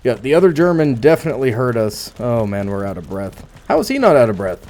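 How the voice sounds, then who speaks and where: A man's voice: medium pitch, big pitch swings, fast talker, a little mellow. A man casually commentating as he plays a video game, musing aloud with dry asides. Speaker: gameplay commentator. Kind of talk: casual let's play commentary.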